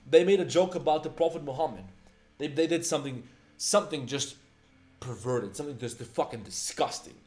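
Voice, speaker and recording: A man's voice: fairly high pitch, a little mellow. A man in his twenties ranting heatedly on a livestream, profane and firing off rhetorical questions. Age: 20s. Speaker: livestream host.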